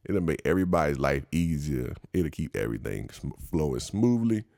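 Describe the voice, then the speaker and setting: A man's voice: rumbling low, animated, normal speed, vocal fry, darkish tone, dry recording, studio quality. A male podcast host in a slangy, profane comedic monologue, laughing at his own riffs.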